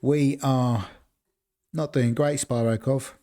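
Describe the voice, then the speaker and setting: A man's voice: mid-range voice, steady tone, slow pace, warm tone. A man casually commentating as he plays a football management game on a live stream, rambling and chatting to viewers between decisions. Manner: rambling, chatty, talks to chat between choices.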